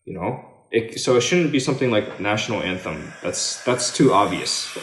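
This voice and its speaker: A man's voice: fairly low pitch, animated, moderate pace, a bit bright. Guy hosting a chat, keeps pushing his question, jokey and swears a lot, room sounds kinda echoey. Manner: persistent, joking, swears casually. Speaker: host. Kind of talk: casual chat.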